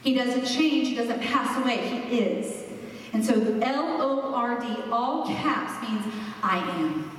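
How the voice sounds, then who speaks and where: A woman preaching a sermon, expressive and slowing down for emphasis. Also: fairly high pitch, a little hiss or hum. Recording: echoey hall, mic far off.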